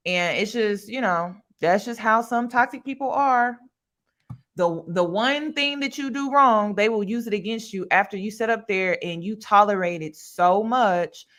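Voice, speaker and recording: A woman's voice: mid-range voice, measured pace, fairly bright tone. A woman hosting a reaction video, speaking candidly and directly to her viewers. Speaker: commentary host. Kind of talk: reaction commentary.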